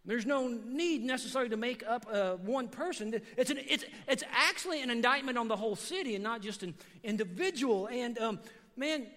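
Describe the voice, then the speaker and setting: A man with a very high voice preaches to his congregation, swinging from quiet asides to loud emphatic peaks. He keeps it casual, telling a story and throwing in "man" and "all right?" His words carry the long reverb of a church hall. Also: a little fast. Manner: animated storytelling, conversational, says "man" often. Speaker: pastor. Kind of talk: sermon. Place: church sanctuary.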